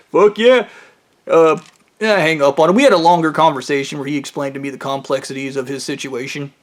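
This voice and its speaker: Rambling profane man with a high voice. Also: fairly even intonation. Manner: profane, rambling, rapid tangents. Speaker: storyteller. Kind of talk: rambling personal monologue.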